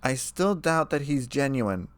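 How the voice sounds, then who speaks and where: A man's voice: mid-range voice, expressive, a little slow, clear, resonant tone, no room sound, close to an everyday voice. A man voicing a cautious young female earth pony who speaks in a skeptical, guarded way. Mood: wary.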